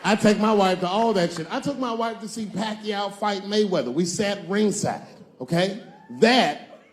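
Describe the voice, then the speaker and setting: A stand-up comedian in his forties, speaking at normal speed in a high voice, works through a crude, conversational set with background noise behind him. He trades riffs with the audience between stories.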